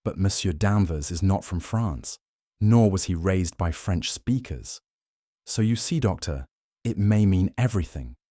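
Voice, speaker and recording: Casual: guy doing a shrewd fussy belgian detective, polite and probing, tosses in french bits, low voice, dry close sound. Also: animated, a little slow, warm tone, dry recording. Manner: courteous, probing, drops French phrases.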